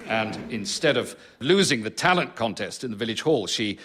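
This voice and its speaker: A man's voice: medium pitch, expressive, moderate pace, fairly bright tone. A middle-aged man performing a comic monologue for a live audience, rambling, dry and self-pitying. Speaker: comic author performing a show. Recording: live stage recording with noise.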